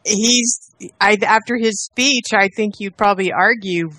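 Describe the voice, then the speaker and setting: A woman's voice: mid-range voice, unhurried, sharp tone, no echo. A woman giving firm opinions on a casual online radio talk show.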